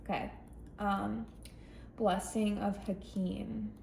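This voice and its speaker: Gravelly-voiced woman reading tarot. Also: mid-range voice, little pitch movement, roomy sound, slight background noise. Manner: emotional, gushing, reads slowly and softly from cards. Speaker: tarot reader. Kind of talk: tarot reading, reading oracle cards aloud.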